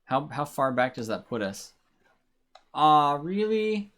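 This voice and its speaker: Man, livestreamer, casual gameplay commentary, rambling, self-deprecating, mid pitch. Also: moderate pace, fairly bright tone.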